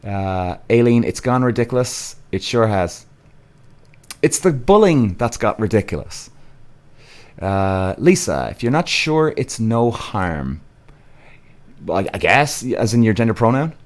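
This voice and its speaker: A man's voice: lowish voice, big pitch swings, measured pace. A man from Cork with an Irish accent, hosting a live podcast and reading viewers' comments, blunt and exasperated, swearing freely. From Ireland. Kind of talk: casual live-stream chat.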